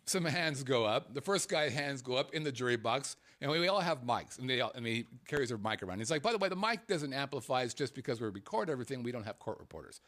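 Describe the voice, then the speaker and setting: A man hosting a podcast, telling a story in a casual, animated way, laughing and swearing as he goes. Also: medium pitch, quick pace, hardly any pauses. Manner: animated, laughs through his own stories. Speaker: podcast host.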